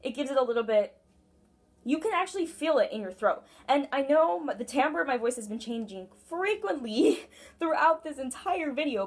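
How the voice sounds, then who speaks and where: A young woman giving a casual tarot reading, with a forward, pinched, brassy tone and an earnest, encouraging, rambling way of talking. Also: fairly high pitch. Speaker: tarot reader.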